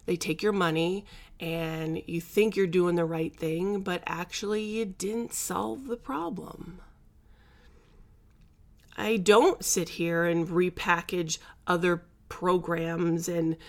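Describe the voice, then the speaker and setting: A woman life coach talking frankly in a vlog, emphatic and animated, with blunt slang and laughter between her points. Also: on the low side, slow pace. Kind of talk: candid talking-head vlog.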